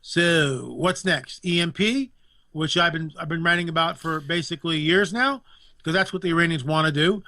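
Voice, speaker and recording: Fired-up guy ranting on a talk show, bright forceful voice, dry close sound. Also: on the high side, normal speed, dry recording. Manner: emphatic, indignant, repeats phrases for effect. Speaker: guest commentator. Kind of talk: impassioned political talk.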